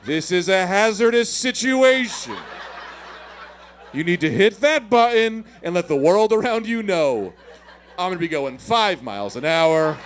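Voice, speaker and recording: Thirties male stand-up, high bouncy voice, animated character bits, faint room tone. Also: unhurried, a little hiss or hum. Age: 30s. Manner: animated, acts out voices with big pitch swings. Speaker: stand-up comedian. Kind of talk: stand-up storytelling.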